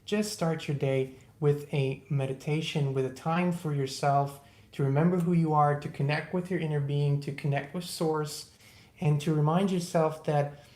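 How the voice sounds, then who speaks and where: A soothing host speaks to viewers on a motivational livestream, calm and encouraging. The voice sits at a middle pitch and carries a roomy echo. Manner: calm, soothing, guides slow breathing; greets viewers by name in several languages.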